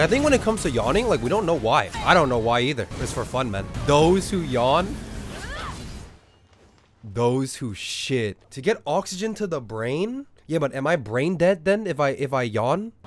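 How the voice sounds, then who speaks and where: A man's voice: a little high, fairly quick, few pauses, faint music behind. A man streaming live, chatting casually and reacting to viewer messages with frequent swearing. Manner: animated, profane, reacting to chat.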